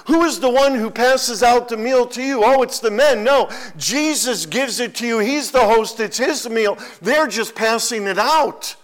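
A man's voice: extremely high pitch, measured pace, few pauses, fairly bright tone. A man preaching a sermon as pastor, emphatic and repeating key phrases for weight.

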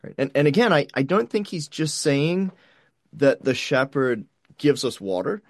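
A man's voice: fairly high pitch, sing-song, unhurried, dry recording. Conversational preacher man, dry sound. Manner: conversational, often checks in with "right?"; stammers and repeats words. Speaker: pastor. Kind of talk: sermon.

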